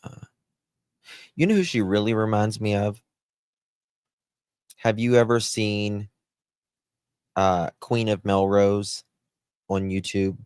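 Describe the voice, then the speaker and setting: A man's voice: lowish voice, fairly even intonation, slow, long pauses, a little mellow, clean tone, no echo. A man hosting a live true-crime stream, chatty and exclamatory, thinking aloud as he goes.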